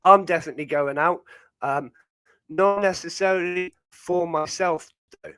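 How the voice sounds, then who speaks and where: A man's voice: fairly high pitch, normal speed, sharp tone, clear, resonant tone, no room sound. A young British man hosting a hobby livestream, rambling and chatty with lots of fillers. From Britain. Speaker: livestream host. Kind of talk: casual chat.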